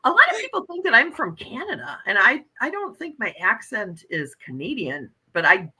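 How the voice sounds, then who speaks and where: Chatty Wisconsin woman livestream host with a crisp, bright voice, casual talk. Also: a little high, sing-song, normal speed. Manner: chatty, reads chat messages aloud. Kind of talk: casual chat.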